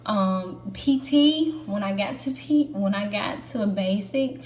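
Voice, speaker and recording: A young woman Air Force trainee takes it slowly as she vlogs, chatting candidly and casually to camera with lots of fillers. Her mid-range voice is a little mellow, and the recording comes from an echoey room with a faint background hum.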